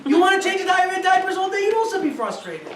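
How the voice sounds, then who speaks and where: A rabbi giving a guest talk on family life, animated and acting out little scenes, checking in with his listeners with "right?". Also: very high voice, fast. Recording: echoey room, distant mic, faint noise.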